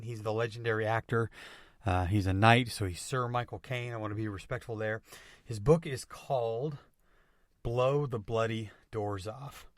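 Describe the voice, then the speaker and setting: An energetic man hosts a motivational podcast at a middle pitch. His delivery is emphatic, and he keeps coming back to his catchphrases. The sound is dry and close, with no room echo. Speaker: podcast host.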